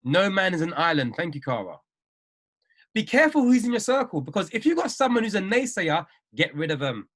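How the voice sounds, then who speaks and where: Husky-voiced man coaching. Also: high-pitched, sing-song, brisk, fairly bright tone. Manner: emphatic, repeats phrases, preachy. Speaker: trading mindset coach. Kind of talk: live-stream motivational talk answering viewers.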